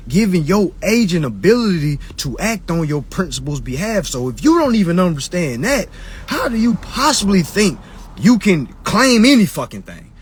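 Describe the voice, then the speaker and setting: Preachy man with a lively voice. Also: on the high side, slight background noise. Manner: preachy, repetitive, mocks people in put-on voices. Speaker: speaker on a live stream. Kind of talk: casual lecture to followers. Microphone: phone on a live stream.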